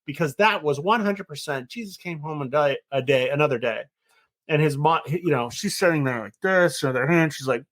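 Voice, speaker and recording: A middle-aged man, a winemaker, chatting casually and telling a lively story, acting out the voices of the people in it. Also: fairly high pitch, fairly quick. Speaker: winemaker guest. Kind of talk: casual chat.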